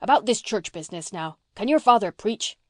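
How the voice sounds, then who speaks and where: A woman voicing a blustering, gruff old farmer man in an audiobook, bossy and teasing, repeating himself as he talks. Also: mid-range voice, expressive, fairly quick, a little mellow, dry recording, studio quality, close to an everyday voice. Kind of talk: audiobook reading.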